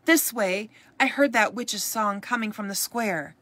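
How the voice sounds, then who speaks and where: A woman voicing an angry village mob of men and women, shouting accusations in a storybook reading. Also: mid-range voice, measured pace, no room sound, pitched above the performer's own voice. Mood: urgent.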